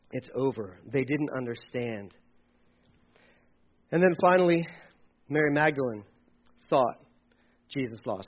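A man with a high voice preaches a casual sermon, swinging between loud exclaimed bursts and hushed asides as he acts out what people said. The sound is dull and slightly lo-fi. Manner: animated, acts out quotes with sudden loud bursts and quiet drops. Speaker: pastor.

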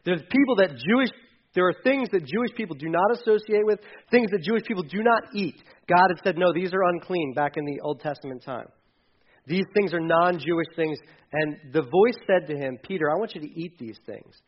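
A man preaching a sermon with a high voice. He talks in a loose, conversational way and slips into casual voices to act out quotes. The recording sounds somewhat muffled. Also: expressive, fairly quick. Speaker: pastor.

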